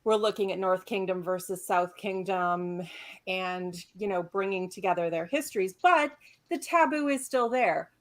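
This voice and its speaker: A woman on a casual online panel discussion, blunt and irreverent, tossing out quick quips over a video call. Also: medium pitch. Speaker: panel guest.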